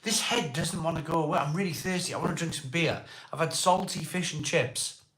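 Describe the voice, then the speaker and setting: A Welsh man with a voice hoarse from a cold, hosting a casual live stream, greeting viewers by name and asking for likes. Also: fairly high pitch, brisk, fairly bright tone. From Wales. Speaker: livestream host. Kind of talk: casual live chat reading viewer comments. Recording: echoey room.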